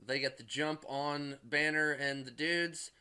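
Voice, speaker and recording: A man's voice: a little high, steady tone, unhurried, bright, forceful tone, clean tone. A man casually recapping a movie in a rambling way, packed with filler words and swearing. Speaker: movie reviewer.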